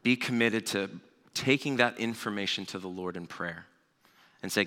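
A man in his thirties preaching a sermon, telling a personal story in a relaxed conversational way with asides. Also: fairly low pitch, moderate pace. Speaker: pastor. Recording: long hall reverb.

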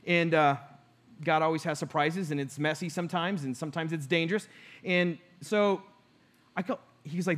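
A middle-aged pastor with a high, light voice delivers a sermon. He tells a personal story in an earnest way and plays out both sides of his talks with God. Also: normal speed, a bit bright.

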